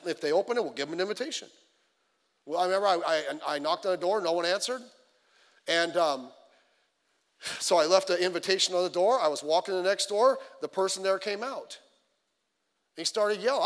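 High-voiced man preaching in a hall. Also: brisk, pauses often. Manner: conversational, animated storytelling with acted quotes. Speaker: pastor. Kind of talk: midweek sermon. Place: church sanctuary. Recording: long reverb of a church hall.

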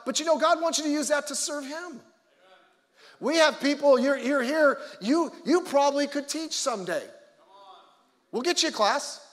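A male pastor preaching a conversational sermon with joking asides, swinging between loud emphasis and quiet low remarks. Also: big-room sound.

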